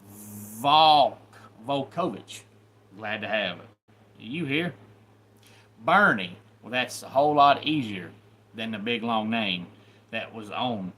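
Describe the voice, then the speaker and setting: A man's voice: medium pitch, pushed and bright, a little hiss or hum. A man hosting a live stream, greeting viewers by name in loose, chatty talk. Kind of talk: casual live stream chat.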